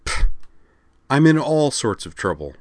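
A man's voice: fairly low pitch, expressive, fairly quick, dry recording, voice pushed up, natural voice. A man voicing a bitter, sardonic young woman in a raised voice.

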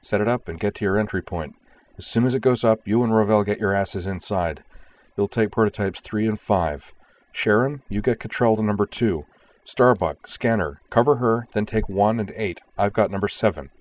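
A man doing a crisp commanding squad leader. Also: on the low side, a little fast, pitched above the performer's own voice, natural voice.

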